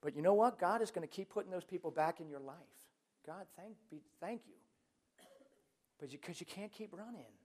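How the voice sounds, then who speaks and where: High-voiced animated priest preaching. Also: male voice, brisk. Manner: chatty, animated, self-mocking humor. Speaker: Catholic priest. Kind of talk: lively sermon with personal stories.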